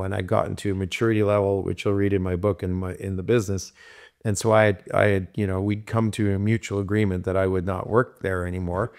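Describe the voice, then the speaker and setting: A man with a low, gravelly voice tells stories at length in an interview. He rambles and restarts often, with lively turns when he acts out what was said. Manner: rambling, animated storyteller with many restarts. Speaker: guest. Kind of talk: casual interview storytelling.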